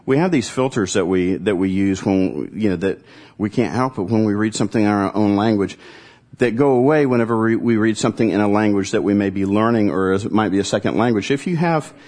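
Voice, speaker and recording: Low-voiced male pastor preaching. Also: a little mellow. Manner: conversational teaching with dramatic pauses. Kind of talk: sermon.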